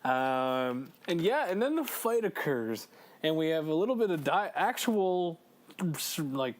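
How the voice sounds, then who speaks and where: A man co-hosting a podcast in casual chat, excitable, swearing and laughing as he talks through a game. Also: a little high, measured pace. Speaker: podcast co-host.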